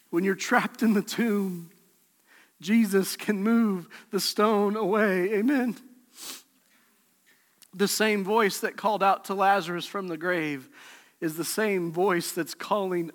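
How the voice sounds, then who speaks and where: Pastor, male, high bright voice, passionate sermon delivery, long reverb of a large church hall. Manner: impassioned preaching, swings from soft to shouting.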